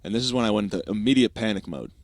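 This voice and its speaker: A young man hosting a podcast, telling a comic story in a profane, animated style and acting out quick asides. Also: fairly low pitch, no room sound, clean studio sound. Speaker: podcast host. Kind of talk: comedic storytelling monologue.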